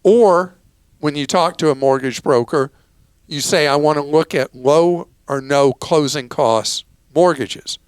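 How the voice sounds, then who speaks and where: A man's voice: fairly high pitch, smooth, dry recording. A man hosting a call-in consumer advice show, explaining money matters in a plain-spoken, casual way with offhand asides. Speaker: radio show host.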